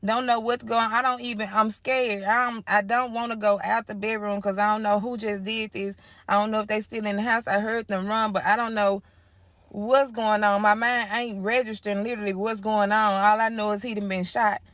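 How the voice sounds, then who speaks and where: A woman's voice: mid-range voice, little pitch movement, normal speed, fairly bright tone, dry recording, clean studio sound. A woman telling her own story in casual storytime style, chatty and repetitive, talking straight to her listeners. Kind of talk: casual first-person storytime.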